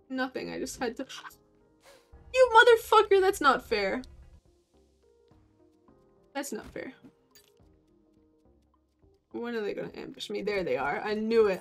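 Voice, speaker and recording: High-voiced swearing woman game streamer. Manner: swears freely, exclaims loudly at enemies. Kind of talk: casual gameplay commentary. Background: faint game music.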